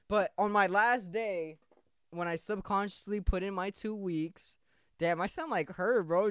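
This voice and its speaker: A man's voice: on the high side, a bit bright, no room sound, clean studio sound. A young man ranting casually and profanely as a podcast host, rambling and mocking.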